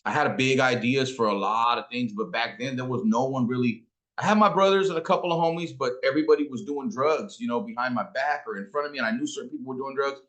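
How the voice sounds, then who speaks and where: A man in his forties telling a personal story about his late mother, slow and emotional, with some street slang. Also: mid-range voice, fairly bright tone. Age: 40s. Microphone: interview.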